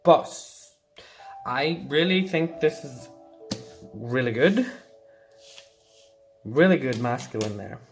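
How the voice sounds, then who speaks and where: A man giving a casual tarot reading, thinking aloud and meandering with frequent pauses. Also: mid-range voice, lively intonation, soft background music. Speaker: tarot card reader.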